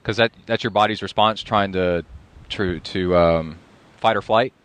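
A man's voice: on the low side, measured pace, a bit bright, clean tone, no room sound. A man co-hosting a podcast, casually joking and explaining things in long, rambling asides. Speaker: podcast co-host. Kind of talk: casual chat.

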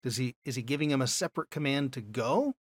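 A man's voice: mid-range voice, expressive, quick pace, slightly rough, no echo. Man teaching a dry Bible lesson. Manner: explanatory, checks in with "okay?". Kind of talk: classroom lecture.

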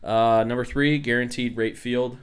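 A man's voice: medium pitch, steady tone, normal speed, clean tone. A man hosting a casual sports podcast, rambling and sarcastic, often repeating words as he goes. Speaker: podcast host.

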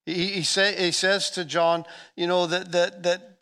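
A male pastor preaching a sermon, earnest, swelling loud and dropping to soft, often restarting his words. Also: high-pitched, measured pace.

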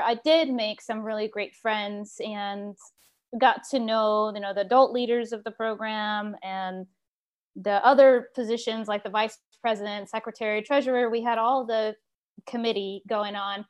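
A woman from Texas who leads a sharing circle, telling a personal story in a lively, animated way and laughing as she goes. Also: a little high, measured pace, clean tone. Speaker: group facilitator.

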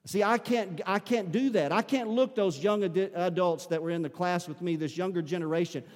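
A man's voice: high-pitched, brisk, a little mellow. A man preaching a sermon in a church, earnest and often repeating words as he presses a point. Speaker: pastor. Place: church sanctuary. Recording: long hall reverb.

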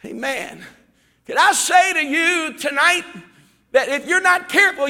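A man preaching a fervent sermon as pastor, swinging between shouted peaks and quiet, low asides. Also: expressive, a little slow. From Ohio. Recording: reverberant church hall.

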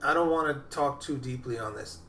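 A man's voice: medium pitch, a little fast, roomy sound, background noise. A man co-hosting a podcast, casually talking about movies in a rambling way that keeps restarting. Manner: rambling, self-interrupting. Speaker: podcast co-host. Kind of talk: casual film chat.

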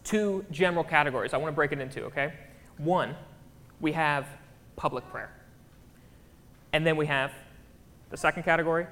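A fairly high, fairly bright male voice leads a casual, conversational sermon in church, checking in with the audience again and again in a chatty way. Long hall reverb fills the recording.

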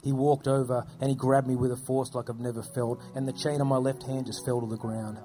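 A man telling earnest faith stories as an interview guest, dropping his voice low at solemn moments. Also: flat delivery, fairly quick, hardly any pauses, over music. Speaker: guest speaking about persecuted churches. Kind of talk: storytelling testimony.

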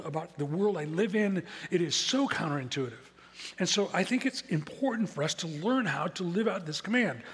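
A man's voice: sits high, a bit bright, breathy edge. A man preaching a sermon as a pastor, talking in a conversational, self-deprecating way and repeating key words for emphasis. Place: church sanctuary. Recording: echoey hall with long reverb.

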